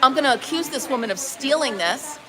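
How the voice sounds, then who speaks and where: A woman from upstate New York hosting a live stream, telling a story in a casual, animated way and acting out quoted dialogue. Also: sits high, fairly quick. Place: barn market booth. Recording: busy crowd noise behind.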